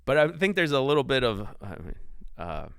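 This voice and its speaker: A man's voice: medium pitch, sing-song, a little fast, fairly bright tone, smooth, no echo, clean studio sound. A man speaking as a podcast guest, telling his story emphatically and swearing freely. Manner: emphatic and profane, driving storyteller. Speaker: podcast guest, company founder. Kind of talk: casual interview.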